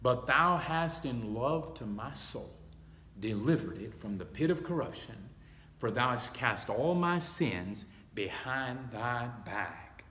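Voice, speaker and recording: Male pastor at mid pitch, preaching with slow weight, recorded from off in an echoing sanctuary. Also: lively intonation, sharp tone. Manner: slow, emphatic preaching, reading scripture aloud. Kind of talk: Bible study sermon. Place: church sanctuary.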